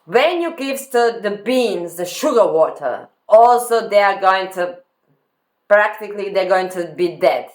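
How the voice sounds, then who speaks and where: Halting, slow-talking woman reacting to a clip. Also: mid-range voice, animated. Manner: halting non-native phrasing, repeating words. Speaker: reaction video host. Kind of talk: commenting on a played clip.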